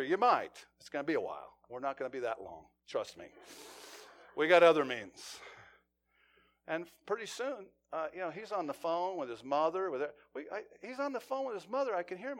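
A man preaches a sermon in an earnest, storytelling manner. His voice is high and very lively in pitch. He drops to a near hush and then climbs back to an intense pitch. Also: brisk. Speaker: pastor.

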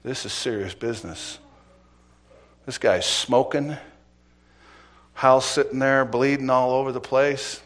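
A middle-aged man preaching a sermon, telling a police story with dramatic swings from loud to hushed. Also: medium pitch, steady tone, measured pace, long pauses. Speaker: preacher, former police officer.

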